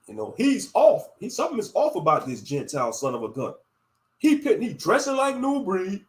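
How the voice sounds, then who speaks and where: A high-voiced man rants bluntly into his channel's commentary. He talks heatedly and keeps coming back to catchphrases. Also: huge pitch swings, a little fast. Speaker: YouTube commentator. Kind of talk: ranting commentary.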